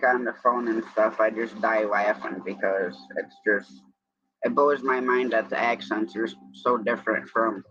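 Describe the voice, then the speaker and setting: A man's voice: medium pitch, bright, forceful tone, no echo, dull audio. A man from New York with an upstate New York accent, hosting a casual morning live stream and chatting in a rambling way while greeting viewers.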